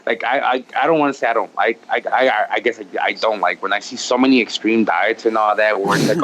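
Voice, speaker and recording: A man's voice: fairly low pitch, fast talker, few pauses, a bit bright. A man with a Midwestern accent, a podcast guest talking candidly and earnestly, often restarting his sentences. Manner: earnest, heartfelt, many "like" fillers and restarts. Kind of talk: candid conversational storytelling. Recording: dull lo-fi with faint noise.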